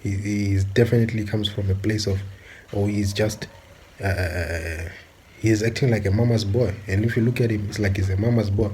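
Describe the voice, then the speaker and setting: A man from South Africa delivering a forceful, repetitive monologue with many filler pauses. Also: on the low side, steady tone, slight background noise. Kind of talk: impassioned monologue.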